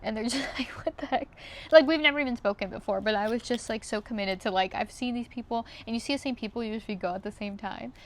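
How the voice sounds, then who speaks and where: A woman's voice: on the high side, fast, hardly any pauses. A young woman reflecting in a personal vlog, chatty and full of fillers, sometimes close to tears. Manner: emotional, near tears at times, with soft laughs. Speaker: vlogger.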